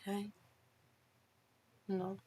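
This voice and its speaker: A woman's voice: medium pitch, monotone, drawn-out words, mellow, husky. A woman vlogging casually to her viewers, dismayed and laughing through her frustration. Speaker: crafting vlogger.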